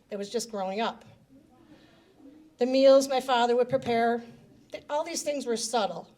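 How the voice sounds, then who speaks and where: A woman giving a personal speech at a reception, telling family stories with fillers and light laughter. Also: on the high side. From United States. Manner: warm storytelling with laughs and fillers, gets emotional.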